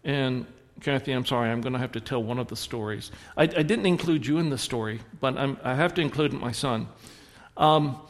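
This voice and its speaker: A man preaching in a church, telling stories and swinging between soft reflective moments and animated punchlines. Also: medium pitch, brisk, in a large hall. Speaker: pastor. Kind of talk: sermon. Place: church sanctuary.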